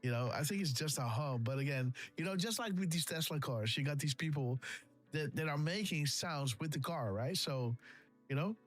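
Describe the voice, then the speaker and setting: A man's voice: fairly high pitch, expressive, moderate pace, soft background music. Laughing man hosting a casual livestream. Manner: laughing, repeats himself, imitates sound effects. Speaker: livestream host.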